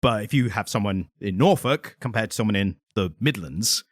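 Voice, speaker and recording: A man's voice: on the low side, expressive, normal speed, no echo. Laid-back joking man, dry sound. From Britain. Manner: laid-back, jokey, laughs easily. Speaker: podcast co-host. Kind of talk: casual chat.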